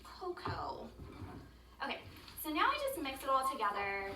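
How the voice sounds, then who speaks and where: A woman's voice: sits high, animated, fast talker, bright, forceful tone. A woman casually chatting while she cooks in her home kitchen, rambling with lots of ums. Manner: chatty, rambling, with many ums, baby talk to her dog. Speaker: home cook vlogger. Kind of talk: casual cooking vlog chat. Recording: roomy kitchen, mic some distance off, faint background noise.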